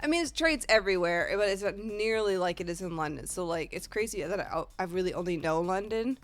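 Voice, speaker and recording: A woman's voice: fairly low pitch, animated, brisk. A woman with a Northeast American accent, a streamer telling a rambling, profane story in casual chat. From Northeast United States.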